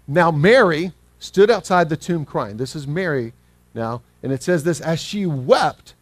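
Male pastor, fairly high voice, earnest and animated, close dry mic. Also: no room sound. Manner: earnest, acts out scripture quotes; slows down when reading scripture. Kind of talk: sermon.

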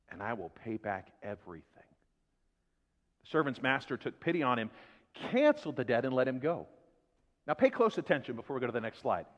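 Preacher with swinging, dramatic delivery. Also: male voice, on the high side. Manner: dramatic swings between loud emphasis and hushed asides. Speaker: pastor. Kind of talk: sermon. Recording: long hall reverb, dull lo-fi sound.

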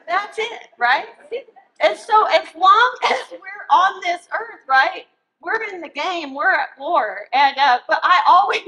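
A woman speaking to an audience and telling a funny personal story, laughing through it as she teaches. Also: extremely high pitch. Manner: animated, laughs through her own story. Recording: echoey room.

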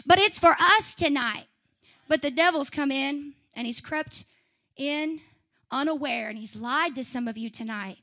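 A woman's voice: high voice, measured pace, pushed and bright. Fiery young woman preacher with a Missouri twang. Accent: Southeast Missouri twang. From Southeast Missouri, USA. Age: 20s. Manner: fiery, repetitive and urgent, with emphatic rising appeals. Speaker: preacher at a youth service. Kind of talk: Pentecostal sermon.

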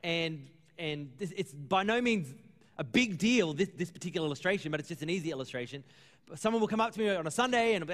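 A man's voice: high voice, animated, fast talker, a bit bright, big-room sound. A man preaching a sermon as pastor, earnest and conversational, acting out little exchanges with churchgoers. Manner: conversational, earnest, acts out dialogue.

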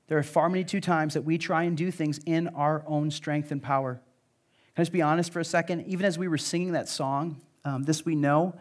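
A man with a Midwestern American accent preaching a sermon to his church, earnest and conversational, with frequent fillers and restarts. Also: on the high side. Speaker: pastor.

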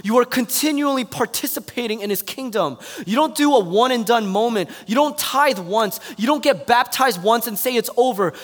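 High-voiced preacher man in a reverberant hall. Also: moderate pace, few pauses. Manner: animated storytelling with quoted voices, swinging from hushed to loud. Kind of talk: sermon.

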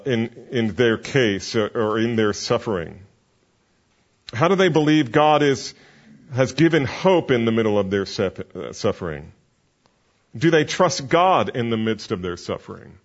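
A man's voice: mid-range voice, muffled recording. A man who is a pastor and counseling mentor, teaching a class in an earnest, conversational way with many fillers.

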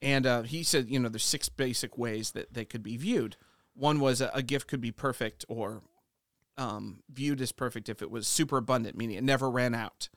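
A middle-aged man with a medium voice hosts a casual conversation, telling stories in an animated way with plenty of "uh"s. The sound is close and dry. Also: medium pitch, moderate pace, no echo. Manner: animated storyteller, warm laughs, fillers like "uh". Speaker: pastor and podcast host.

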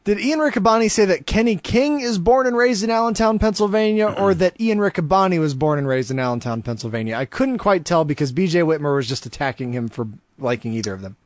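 Animated man recapping wrestling, higher voice. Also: quick pace, few pauses, no echo. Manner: animated, laughs often, acts out wrestlers' shouts. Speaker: podcast co-host. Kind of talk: casual wrestling recap chat.

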